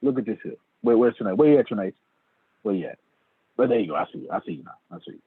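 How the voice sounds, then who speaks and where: A sales trainer delivers a sermon-style sales lecture over a video call, fiery and preacher-like, calling on listeners by name. His medium-pitched voice races with lively intonation and sounds gravelly and slightly rough. The line is tinny, dry, and phone-like with no echo.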